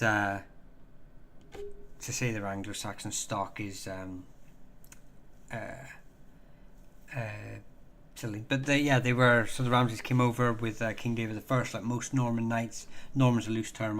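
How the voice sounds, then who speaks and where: A man hosting a casual live stream, answering viewer questions in a halting way, full of ums and restarts, chatty and self-deprecating. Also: on the low side, little pitch movement, a bit bright, a little hiss or hum.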